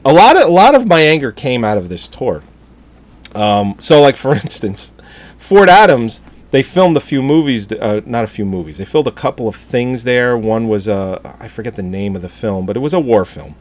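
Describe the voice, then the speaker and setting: A middle-aged man with a medium-pitched voice tells an exasperated, profane story at a normal pace in casual chat, with no room sound. He's animated, swears often, and laughs at himself as he goes.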